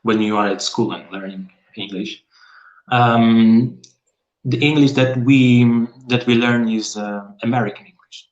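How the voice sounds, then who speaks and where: A man's voice: medium pitch, steady tone, a little slow, dull audio. A young man from Portugal, chatting casually in English with a playful, joking manner. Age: young adult. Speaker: conversation partner.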